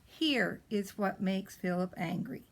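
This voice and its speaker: A woman voicing a precocious, spoiled little girl as she reads a storybook in character, with a pert, drawn-out way of stressing words. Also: mid-range voice, low-quality recording.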